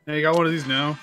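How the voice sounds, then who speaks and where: Young-sounding male gaming host, bright, teasing friends over game music. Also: fairly high pitch. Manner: excitable, teasing, laughs often. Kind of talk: casual gameplay chat with friends.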